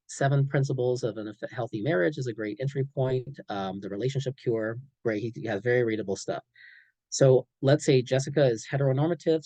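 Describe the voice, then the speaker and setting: A man giving a clinical training presentation in an animated way, checking in often and acting out examples. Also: medium pitch, dry recording, low-quality recording. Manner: animated, frequent "okay?" check-ins, acts out examples.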